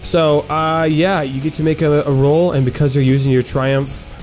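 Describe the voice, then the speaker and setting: A man's voice: a little high, flat delivery, normal speed, a little mellow, soft background music. A man running a tabletop game as game master, chatty, laughing often and explaining the rules.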